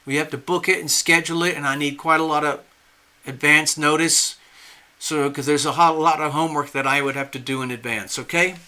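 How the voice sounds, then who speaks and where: Bright-voiced man giving a tarot reading. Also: on the high side, fairly even intonation, fairly quick. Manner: earnest, reassuring, often asks "okay?". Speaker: tarot reader. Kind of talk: live-stream tarot reading.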